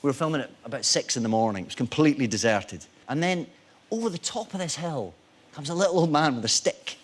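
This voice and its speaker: A Scottish man, a guest actor on a chat show, telling lively anecdotes and acting out the people in them. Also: fairly high pitch, fast. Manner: animated storyteller, acts out voices in quotes. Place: TV studio with audience.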